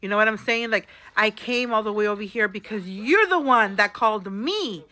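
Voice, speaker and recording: A woman's voice: medium pitch, moderate pace, pushed and bright. A tipsy woman venting to her viewers from a hotel room in a casual storytime vlog, chatty and calling them girl and y'all. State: a little tipsy. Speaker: vlogger.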